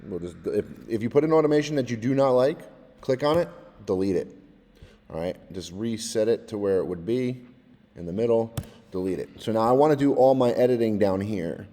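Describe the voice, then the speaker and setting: Casual male tutor, mellow voice, step-by-step software walkthrough, long reverb on the voice. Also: on the low side, expressive, a little fast. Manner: casual, explains step by step, often adds "all right?". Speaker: music technology teacher. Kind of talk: screen-recorded software tutorial.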